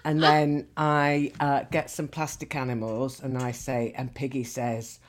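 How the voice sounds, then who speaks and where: Low-voiced older woman chatting. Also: little pitch movement, measured pace, heavy background noise. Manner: chatty, hesitant, with many fillers. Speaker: podcast co-host. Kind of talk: casual chat.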